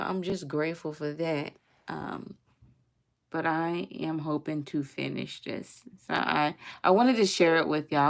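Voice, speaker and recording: A woman's voice: low voice, darkish tone. A woman talking earnestly in a casual vlog, rambling with fillers and restarts and speaking in religious phrases. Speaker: vlogger. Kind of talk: casual heartfelt monologue.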